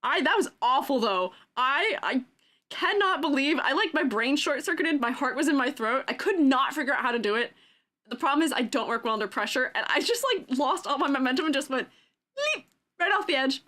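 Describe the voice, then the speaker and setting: A woman's voice: high-pitched, animated, fairly quick, pushed and bright. A young adult woman streaming, chatting casually and giggling with her viewers. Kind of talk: casual chat.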